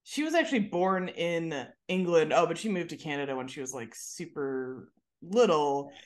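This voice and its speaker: A woman hosting a podcast, recapping a TV episode in casual, animated storytelling. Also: low-pitched, normal speed. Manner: animated storytelling, laughs often. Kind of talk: casual chat.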